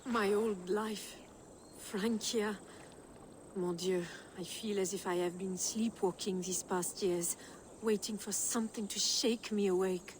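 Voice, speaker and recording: Woman voicing a French noblewoman, video game, tender, dreamy, mid pitch. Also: fairly even intonation, takes it slowly, slight background noise, close to an everyday voice. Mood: wistful. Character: noble Frankish woman, wistful and longing.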